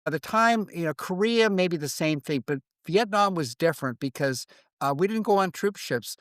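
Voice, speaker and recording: A man in his seventies, a veteran guest in an interview conversation, speaking in a reflective, halting way and acting out quoted exchanges. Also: high voice, animated, a bit bright, dry recording.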